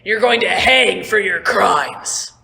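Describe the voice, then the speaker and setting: A young woman voicing a thick-headed, bigoted male militia captain in a tabletop game, shouting threats and insults. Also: high voice, animated, takes it slowly, gravelly, heavily acted. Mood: menacing. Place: school room. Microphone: phone. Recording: echoey room, phone mic.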